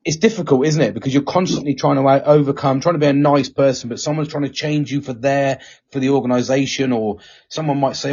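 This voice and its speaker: A man's voice: medium pitch, steady tone, fast talker, a little mellow, slightly rough. A man hosting a casual, sweary, rambling chat show. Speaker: podcast host. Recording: muffled lo-fi audio.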